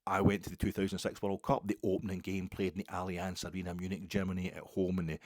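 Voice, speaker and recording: A Scottish man telling a rambling football story in a casual, animated way. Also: low-pitched, quick pace, noisy background. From Scotland. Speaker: podcast host.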